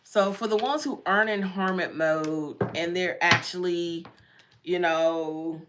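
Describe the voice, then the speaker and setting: A woman giving a casual tarot reading, chatty and repetitive, often breaking into laughs. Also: mid-range voice. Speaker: tarot reader.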